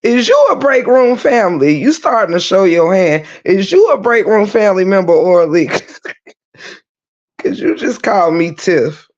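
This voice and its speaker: A woman hosting a casual livestream, teasing her viewers, breaking into laughter and loud exclamations. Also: medium pitch, sing-song, moderate pace, highs cut off. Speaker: livestream host.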